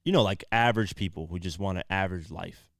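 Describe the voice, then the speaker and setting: A man with a very low voice hosts a casual podcast. He retells a story in his own words and acts out the quoted lines. The sound is dry and close to the mic. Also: fast talker, creaky, no echo. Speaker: podcast host.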